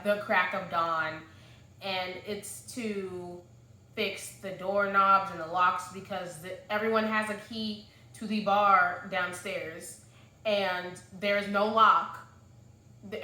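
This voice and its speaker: A woman's voice: mid-range voice, bright, forceful tone. A woman with a Southern US accent chatting casually as she sums up a book, rambling with lots of fillers. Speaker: book vlogger. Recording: echoey room.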